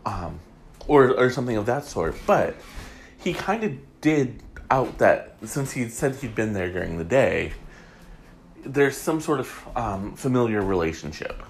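A man's voice: mid-range voice, very animated, measured pace, vocal fry, a little hiss or hum. A man hosting a casual gossip podcast, talking in a chatty way with frequent ums and reading items aloud. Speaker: podcast host.

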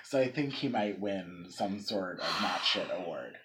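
A man co-hosting a podcast, retelling a story in casual chat, animated and swearing freely with lots of fillers. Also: deep voice, unhurried, hardly any pauses. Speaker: podcast co-host.

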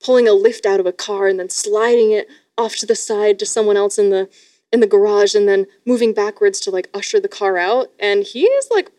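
A woman's voice: medium pitch, a little fast, mellow, no echo. A young woman from Canada, a streamer guest, talking enthusiastically in casual podcast chat with lots of restarts. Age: young adult. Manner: enthusiastic, gushing with many restarts.

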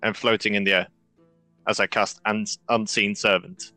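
A man playing at a tabletop game, describing his character's actions in a hesitant, halting way. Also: on the low side, little pitch movement, bright, forceful tone, no room sound, faint music behind. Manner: hesitant, halting, full of fillers. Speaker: player.

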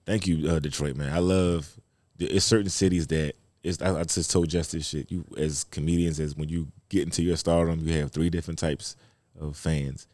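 A man from Baltimore, a comedian guest telling stories in an animated, profane way on a casual podcast. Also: extremely low pitch, normal speed, dry recording. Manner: animated storyteller, profane, slips into quoted voices.

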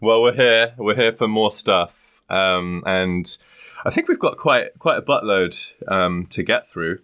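A man's voice: fairly low pitch, unhurried, fairly bright tone, smooth. A young man co-hosting a podcast, chatting casually with crude jokes and frequent laughs. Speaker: podcast co-host. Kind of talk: casual chat.

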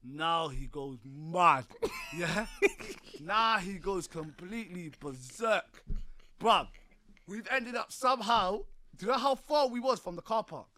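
A man's voice: sits high, animated, unhurried, sharp tone. A man in his twenties, a podcast guest telling a story in slangy talk and often laughing as he goes. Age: 20s. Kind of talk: animated storytelling.

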